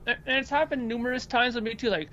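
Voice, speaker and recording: High-voiced man hosting a chatty podcast. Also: quick pace, dull audio, slight background noise. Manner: animated storyteller who acts out quoted people. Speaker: podcast host. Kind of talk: casual chat.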